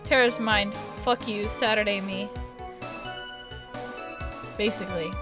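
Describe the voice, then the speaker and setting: A woman streaming a game, giving frank, scattered commentary with swearing over loud game music. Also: medium pitch, fairly even intonation, takes it slowly. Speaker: let's play streamer. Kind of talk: casual gameplay commentary.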